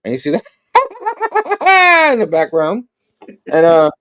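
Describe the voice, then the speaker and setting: Man, host, casual comic recap, chuckling, high voice. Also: a little fast. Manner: chuckling, animated storytelling.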